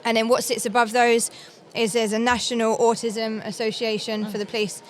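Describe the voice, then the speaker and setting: A middle-aged English woman with a London accent, talking as an interview guest, friendly and quick to laugh. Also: a little high, level tone. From England. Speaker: guest, founder of a police dyslexia network. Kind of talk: conversational interview. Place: conference floor.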